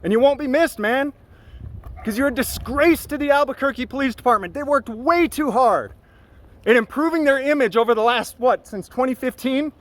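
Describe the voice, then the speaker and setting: A man who films police, standing on a sidewalk and yelling profane taunts at an officer during a live stream, filmed on a handheld phone. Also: very high voice, moderate pace. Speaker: cop watcher, channel host. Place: outdoors on a sidewalk.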